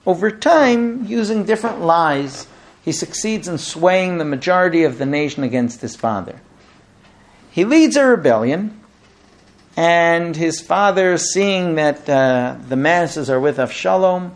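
A man teaching a text-study class, who reads verses aloud, then translates and explains them with animated asides. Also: on the high side. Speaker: Torah teacher.

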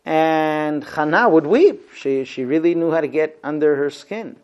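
Guy teaching a bible class, fairly high voice, animated storyteller, lots of "right?". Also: measured pace. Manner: animated storyteller, asks rhetorical questions.

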